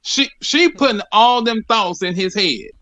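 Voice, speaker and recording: A man's voice: sits high, lively intonation, a little slow, pushed and bright. A man in his forties calling into a live show, talking casually and animatedly with laughs. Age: 40s. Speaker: caller. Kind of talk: casual chat.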